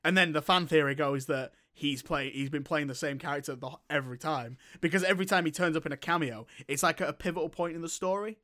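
Young guy rambling about movies, bright voice, kinda high, swears a lot. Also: fast, few pauses. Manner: rambling, swears freely, lots of restarts. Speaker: podcast co-host. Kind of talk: casual film chat.

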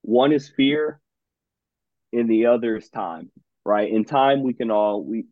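A man's voice: mid-range voice, a little slow, dry recording. A man hosting a casual podcast conversation, enthusiastic and saying "man" often. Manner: enthusiastic, says "man" a lot. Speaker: podcast host. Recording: dry, tinny phone-like line.

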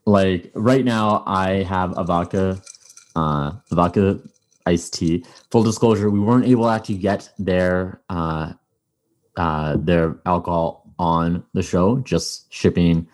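A man's voice: deep voice, fairly even intonation, measured pace, darkish tone. A man hosting a podcast, chatting casually and rambling with many fillers and restarts. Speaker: podcast host. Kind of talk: casual chat.

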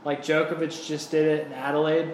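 Young man, podcast co-host, casual joking chat, slightly high pitch, echoey room, faint hiss. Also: fairly quick. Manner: joking, animated, swears freely.

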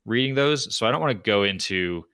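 A man's voice: on the low side, animated, a little fast, sharp tone, clear, resonant tone, no echo. A man co-hosting a podcast, talking through ideas in a thoughtful, hesitant way with frequent restarts. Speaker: podcast co-host. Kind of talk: casual book discussion.

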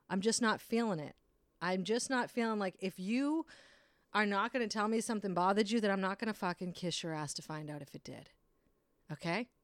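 A woman's voice: mid-range voice, fairly bright tone, no echo. A young adult woman from the East Coast hosting a solo podcast, ranting in a blunt, frank way and swearing freely. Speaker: podcast host. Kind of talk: casual solo rant.

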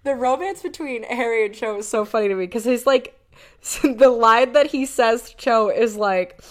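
A young woman co-hosts a podcast in loose, casual chat, with a voice pitched a little high. She giggles often, leans on fillers, and slips into playful quotes of characters. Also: normal speed. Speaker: podcast co-host.

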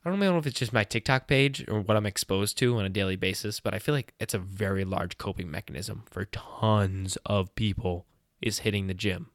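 A young man co-hosting a podcast, telling stories in a casual, animated way and laughing often. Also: on the low side, fairly quick, no echo, clean studio sound. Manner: animated storyteller, laughs often, acts out voices. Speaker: podcast co-host. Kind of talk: casual chat.

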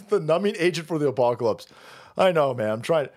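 A man hosting a livestream, ranting crudely about politics and reacting to chat, cursing freely, laughing often and breaking into sudden shouts. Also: fairly high pitch, very animated, normal speed. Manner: foul-mouthed, rowdy, laughs and shouts often. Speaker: livestream host.

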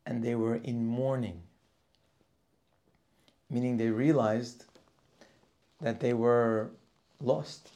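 A man's voice: mid-range voice, steady tone, slow, long pauses. A man teaching a Torah class for Rosh Hashanah, reading Hebrew verses and translating them line by line. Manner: reads Hebrew verses and translates each, rising and louder as he goes.

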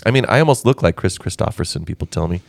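A man's voice: sits low, animated, fast talker, gravelly, no room sound. A man chatting casually on a podcast, joking and rambling. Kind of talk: casual chat.

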